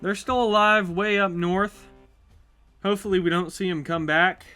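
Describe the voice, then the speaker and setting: A man calls a simulated battle as it plays out, talking in a chatty, upbeat way. His voice is high and bright, with a sharp edge. Faint music runs quietly underneath. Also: moderate pace, clear, resonant tone. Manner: upbeat, chatty, reacts with excitement. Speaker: YouTube host. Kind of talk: live commentary on a map simulation.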